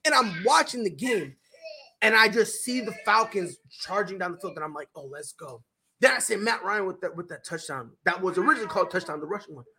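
A young adult woman hosting a sports podcast, telling stories in an animated, slangy way with lots of restarts and tag questions. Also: mid-range voice, fast talker. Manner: animated storyteller, slangy, full of restarts and "right?". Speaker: podcast host. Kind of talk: casual sports chat.

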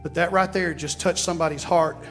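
A man's voice: on the high side, steady tone, brisk, a bit bright. A pastor preaching a sermon, fervent and folksy, repeating his phrases. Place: church sanctuary. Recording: reverberant hall with music behind.

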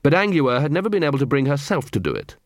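A man narrating an audiobook, telling a comic story in an even, dry manner on a close studio mic. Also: fairly high pitch, quick pace, no echo. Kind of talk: scripted narration.

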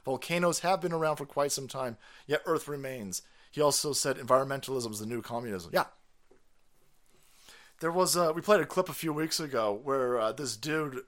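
A man hosting a live stream, ranting crudely and excitably, with sudden loud bursts and fast runs. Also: mid-range voice. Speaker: livestream host. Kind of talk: profane political rant stream.

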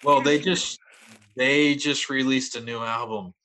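A man's voice: medium pitch, fairly even intonation, unhurried, sharp tone, slight background noise. A man in his thirties, a podcast guest, telling stories in a rambling, laid-back way. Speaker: podcast guest, metal vocalist. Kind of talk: casual storytelling chat.

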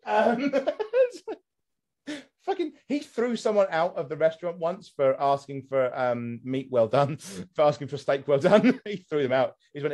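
A man's voice: a little high, animated, a little slow, a little mellow. A man hosting a casual podcast chat, ranting with comic exasperation and swearing freely. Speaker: podcast host.

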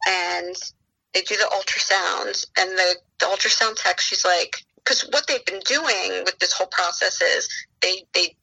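A woman's voice: medium pitch, unhurried, vocal fry, sharp tone, slightly rough, poor audio. A woman in her thirties, a podcast guest, telling her story in a chatty, casual way and acting out what others said to her. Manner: chatty, retells dialogue with many "she's like".

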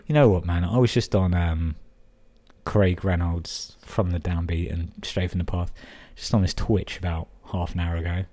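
With a low-pitched, dark voice and a steady tone, this young Englishman hosts a podcast at normal speed. He reads out listener emails and interrupts them with sarcastic remarks full of swearing.

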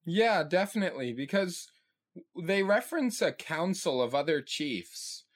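A man's voice: sits high, lively intonation, a little slow. A man co-hosting a podcast in casual chat, thinking aloud and often checking in with "right?". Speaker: podcast co-host.

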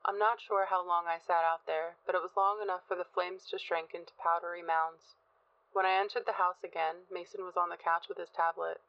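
A woman reads a first-person horror story aloud at a measured, tense pace. Her voice sits low, and the recording sounds dull, close and dry, with no room echo. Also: little pitch movement. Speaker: narrator. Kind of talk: audiobook narration of a horror story.

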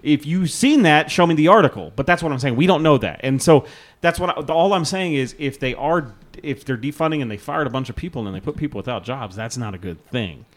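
Animated, argumentative man on a podcast. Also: fairly high pitch, fairly quick. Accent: Texan. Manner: animated, argumentative, swears freely. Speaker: podcast co-host. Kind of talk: heated casual podcast debate.

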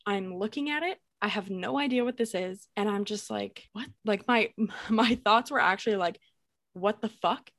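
A young woman casually telling a ghost story on a podcast, animated, laughing and swearing as she goes. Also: medium pitch, normal speed, hardly any pauses, dry recording. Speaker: podcast co-host.

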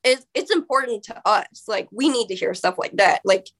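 Female podcast guest, mid pitch, candid, earnest, casual language. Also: lively intonation, normal speed.

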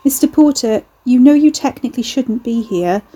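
A woman voicing a nervous older shop manager in a storybook reading, hesitant and stammering, with a husky voice. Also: on the high side, animated, normal speed, warm tone, voice pushed up.

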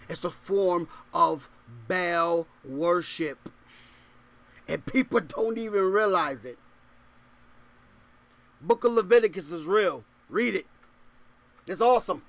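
A male pastor preaching a sermon, reading scripture loudly and dropping to low asides, full of repeated questions to the congregation.

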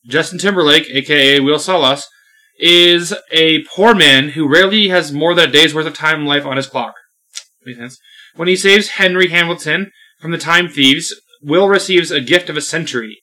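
A man hosting a casual podcast who jokes with his co-host and reads a scripted intro. His voice is bright and sits a little above the usual pitch. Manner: joking, reads a prepared segment intro.

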